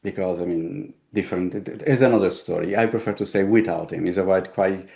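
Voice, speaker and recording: A man with an Italian accent hosting a conversation and telling personal stories in a halting way with frequent restarts. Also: deep voice, vocal fry, a little mellow. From Italy. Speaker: host. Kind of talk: conversational storytelling.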